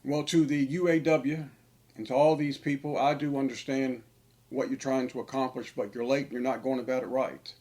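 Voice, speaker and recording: A man's voice: mid-range voice, fairly even intonation, normal speed, a little mellow. A man, an online preacher delivering a sermon-style monologue, emphatic and repetitive for stress.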